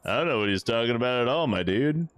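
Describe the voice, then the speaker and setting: A man's voice: mid-range voice, animated, fast, a bit bright, clean tone, close to an everyday voice. A man doing a snarky, dismissive game companion. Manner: crude and dismissive. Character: snarky, defensive party companion in a medieval game.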